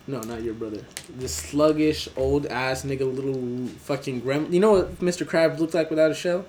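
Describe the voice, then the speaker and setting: A man's voice: mid-range voice, moderate pace, a little mellow, slight background noise. A young man telling a story among friends, laughing often and swearing freely. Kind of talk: casual chat, storytelling.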